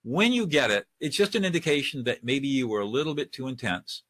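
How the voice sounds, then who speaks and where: A man's voice: mid-range voice, animated, fairly quick, fairly bright tone, no room sound. A man giving a webinar lecture on de-escalation, speaking conversationally and acting out example lines. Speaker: de-escalation trainer.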